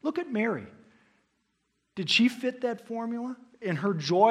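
A middle-aged man delivers a sermon in a somewhat husky voice pitched a little high. He tells stories from the pulpit, pushing some phrases out loudly and dropping others almost to a murmur. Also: expressive, moderate pace. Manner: storytelling with sudden loud and hushed swings. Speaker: pastor.

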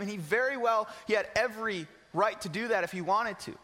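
A young man preaching with a high, bright voice, earnest but casual and full of slang and repeats. A long reverb trails each phrase, as in a big church sanctuary. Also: fairly quick, hardly any pauses. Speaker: pastor. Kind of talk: sermon.

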